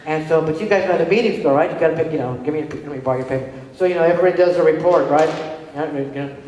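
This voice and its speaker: Fast-talking woman in an echoey hall. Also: low voice, slight background noise. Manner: conversational, keeps checking with the audience; animated storytelling with quick restarts. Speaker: presenter and parent. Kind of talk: conference presentation. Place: large hall with an audience. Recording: very echoey hall with long reverb.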